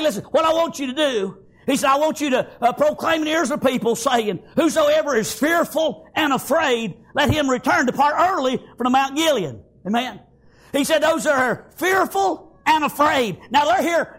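With a very high-pitched voice, a man preaches fervently, breaking into shouts again and again and sprinkling his words with "praise God" and "amen."

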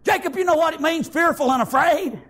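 High-pitched fervent preacher man. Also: fairly quick. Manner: fervent, peppered with "praise God" and "amen", often shouting. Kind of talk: sermon.

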